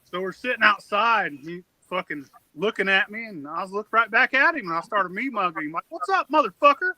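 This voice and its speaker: High, very bright male podcast host, crude rambling storyteller. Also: lively intonation, a little fast, no room sound, rough recording. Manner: rambling, profane, drawling Southern storyteller. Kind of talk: casual profane storytelling.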